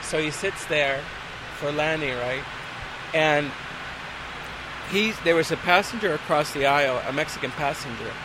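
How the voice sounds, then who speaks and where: A man, a flight attendant guest, telling an animated anecdote and acting out the voices of the people in it with big jumps in pitch. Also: moderate pace, long pauses. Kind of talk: animated storytelling. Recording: loud traffic noise behind.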